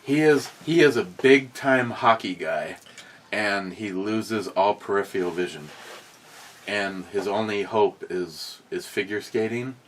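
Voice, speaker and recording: A man's voice: lowish voice, a little slow, slight background noise. A man hosting a beer review show, chatting casually, rambling and swearing as he tells stories. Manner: rambling, profane, animated storytelling. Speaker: beer review podcast host. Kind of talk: casual chat.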